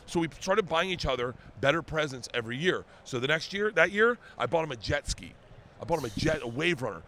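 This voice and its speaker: A middle-aged man spins animated, casual stories on a podcast, slipping into the voices of the people in them. His voice is bright and forward, at an ordinary pitch for a man. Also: slight background noise. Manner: animated storyteller, acts out quoted dialogue. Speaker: guest comedian.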